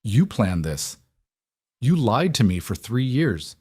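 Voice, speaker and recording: A man's voice: mid-range voice, very animated, takes it slowly, warm tone, breathy edge, no room sound, clean studio sound, exaggerated voice. A man reading the lines of a desperate, entitled young rich man who talks frantically and demands things.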